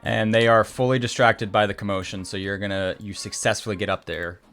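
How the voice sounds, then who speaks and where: A man running a tabletop game as game master, narrating in a relaxed, chatty way. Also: lowish voice, fairly quick, faint music behind.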